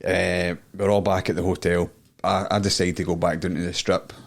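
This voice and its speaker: A man's voice: low-pitched, flat delivery, moderate pace, creaky. A Scottish man co-hosting a podcast, telling a crude story in casual chat and laughing often. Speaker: podcast co-host.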